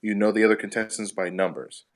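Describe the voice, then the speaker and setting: Low-voiced man telling rambling profane stories. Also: steady tone, quick pace. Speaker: podcast participant. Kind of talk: casual comedic chat.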